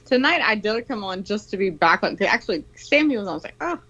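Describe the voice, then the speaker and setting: A woman's voice: medium pitch, fast talker, dull audio. A young woman calling in to a casual chat, brash and swearing freely as she tells stories. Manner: brash, swears a lot, animated storytelling. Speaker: caller.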